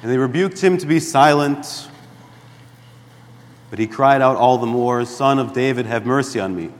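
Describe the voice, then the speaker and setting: A man preaching a sermon as a priest in a church, deliberate and emphatic, dropping to a hush at times. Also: medium pitch, in a large hall, a little hiss or hum. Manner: slow, deliberate preaching with emphatic rises and hushed drops.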